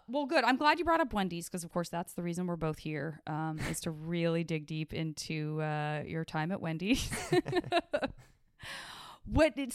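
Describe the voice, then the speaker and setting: Casting: woman podcast host, chatty and self-interrupting, smooth clear voice. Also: fairly low pitch, dry recording, studio quality. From Arizona. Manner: rambling, self-interrupting, playful. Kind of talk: casual interview chat.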